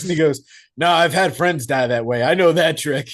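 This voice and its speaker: A man's voice: fairly high pitch, fairly quick. A man co-hosting a casual movie review podcast, acting out scenes in put-on voices and swearing freely. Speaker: podcast co-host.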